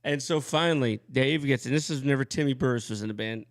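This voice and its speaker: A man co-hosting a casual podcast, excitable and slangy, laughing between his lines. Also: mid-range voice, fast. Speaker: co-host. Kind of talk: casual chat.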